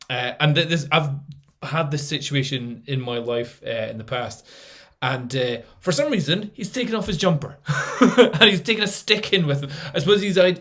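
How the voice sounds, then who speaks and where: A man's voice: medium pitch, fairly bright tone. A man casually commenting on a video, chatty and laughing now and then, with lots of fillers. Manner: chatty, laughs at what he sees, trails off with fillers.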